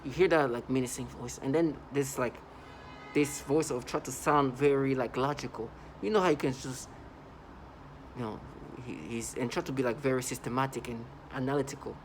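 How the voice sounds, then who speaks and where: A man of middle pitch talks straight to his viewers in a loose, insistent monologue. He keeps circling back and restarting his phrases. A faint hiss sits under his voice. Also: moderate pace, low-quality recording. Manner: repetitive, emphatic, many restarts. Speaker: vlogger. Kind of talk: casual monologue to camera.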